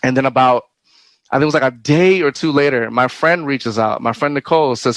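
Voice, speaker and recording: A man, a guest speaker, sharing a personal faith testimony in a halting, candid way, with many fillers and restarts and frequent laughs. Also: medium pitch, a bit bright, no room sound, low-quality recording.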